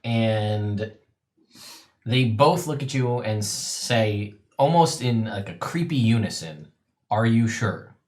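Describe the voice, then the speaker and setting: A man narrating as game master in a casual, hesitant way, with frequent pauses and fillers. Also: lowish voice, animated, a little mellow. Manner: casual, hesitant, lots of ums.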